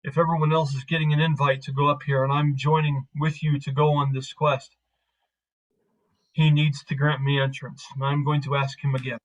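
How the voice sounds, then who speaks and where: Guy doing a gruff proud warrior, grumbling and arrogant, fairly high voice for it. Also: level tone, normal speed, highs cut off, lightly acted.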